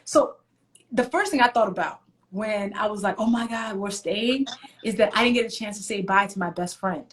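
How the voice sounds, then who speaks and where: A woman's voice: mid-range voice, brisk, fairly bright tone, a little hiss or hum. A woman from Nigeria, a guest in a casual live video chat, telling personal stories and animatedly acting out her own past lines. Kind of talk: casual conversation, personal storytelling. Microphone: live video call.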